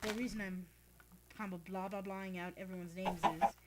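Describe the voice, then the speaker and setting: A man's voice: high voice, fairly even intonation, moderate pace. A teenage boy rambling through a casual story, full of fillers and restarts, as host of a game video. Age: teens. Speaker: let's play host. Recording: loud background noise with clicks.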